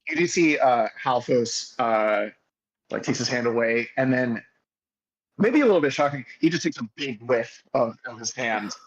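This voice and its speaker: A man playing a tabletop role-playing game, describing his character's actions in a laid-back, halting way. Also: mid-range voice, expressive, breathy edge, highs cut off. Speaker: player. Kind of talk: casual tabletop role-play narration.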